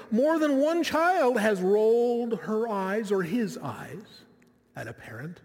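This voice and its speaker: A man's voice: sits high, animated, takes it slowly, a little mellow, in a large hall. A man preaching a sermon in a reflective, conversational way, often turning to his listeners with asides.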